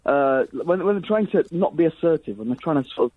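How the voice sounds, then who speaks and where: Young man, caller, tinny phone line, husky, lively pitch, fast, argumentative. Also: dry recording. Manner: eager, argumentative, hesitant restarts. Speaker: caller, linguistics student. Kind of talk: phone-in call.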